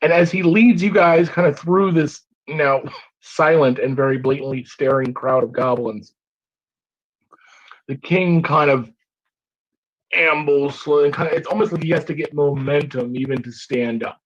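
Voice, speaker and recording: A man running a tabletop game as game master, describing scenes with energetic storytelling. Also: on the high side, normal speed, highs cut off. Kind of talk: narrating and voicing a tabletop game.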